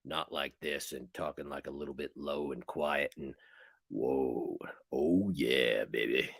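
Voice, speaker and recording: A man imitating a young man who talks in a deep, quiet, crooning late-night murmur. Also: fairly even intonation, a little slow, vocal fry, husky, dry recording, studio quality, exaggerated voice. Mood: hushed crooning. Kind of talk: mocking impression.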